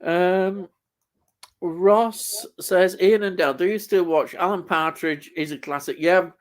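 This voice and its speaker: A man from Leeds, England, speaks with a Yorkshire accent in a high-pitched, steady, slow voice. Hosting a live stream, he reads viewer comments in an easygoing manner, laughing often and saying "aye" and "lad".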